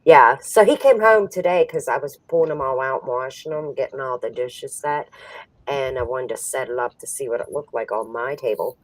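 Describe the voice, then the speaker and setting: A woman's voice: rumbling low, moderate pace, no echo, recorded from a distance, rough recording. A woman chatting casually on a video call, telling a story with frequent laughter and acting out the other people in it. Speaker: host.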